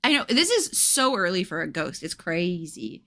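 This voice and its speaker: A playful young woman chats casually and reads a spooky storybook aloud on a stream. Her voice is lively and swoops up and down as she talks. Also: on the low side, moderate pace. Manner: chatty, playful, breaks off to coo at her cats. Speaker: livestream host reading a book aloud.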